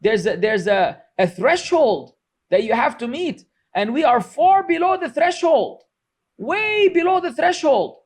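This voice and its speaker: A strikingly high-voiced middle-aged man gives an informal religious lecture. He scolds and mocks, and his delivery is loose and chatty, full of fillers. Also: sing-song, a little slow. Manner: sarcastic, scolding, mocks critics in quoted voices. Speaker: religious teacher.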